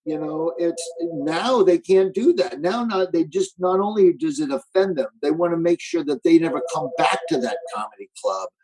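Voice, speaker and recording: A comedian guest talking remotely in casual chat, ranting emphatically. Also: male voice, fairly high pitch, lively intonation, moderate pace, hardly any pauses, a little mellow, husky, rough recording. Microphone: remote call.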